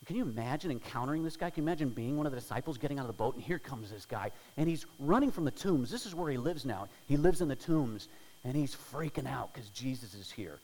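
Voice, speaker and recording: Man preaching a sermon, mid pitch, gets loud then goes soft and prayerful, long hall echo. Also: animated, quick pace. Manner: swings from loud dramatic storytelling to hushed prayer. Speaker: pastor.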